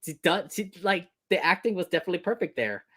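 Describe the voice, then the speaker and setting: A man's voice: high-pitched, very animated, fast talker, a bit bright. A man co-hosting a casual movie review chat, laughing often and rambling with fillers. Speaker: co-host.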